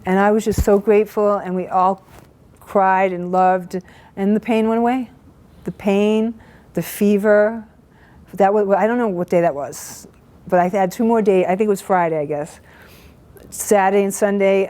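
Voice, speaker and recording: A woman's voice: mid-range voice, steady tone, dark tone. Shaky, earnest woman giving testimony. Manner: halting, earnest, full of restarts. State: shaky with emotion. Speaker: event participant giving a testimonial. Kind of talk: emotional personal testimony.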